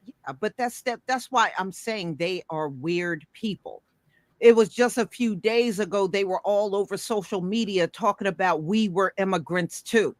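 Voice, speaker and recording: A woman's voice: mid-range voice, moderate pace, dry recording. A woman hosting a casual opinion talk, blunt and emphatic, swearing freely. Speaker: host.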